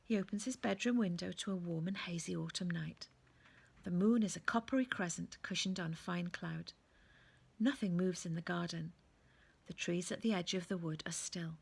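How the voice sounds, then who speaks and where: A woman reading a children's book aloud in a gentle, often hushed storytelling manner. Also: fairly low pitch, normal speed, gravelly, breathy edge.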